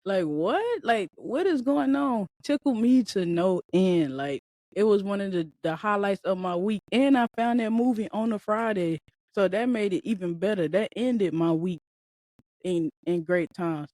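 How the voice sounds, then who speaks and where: A woman's voice: medium pitch, moderate pace, warm tone, dry recording. Woman podcaster rambling casually to her listeners, talking right to them, dry close mic. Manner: rambling, conversational, addresses listeners directly. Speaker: podcast host. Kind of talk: casual storytelling chat.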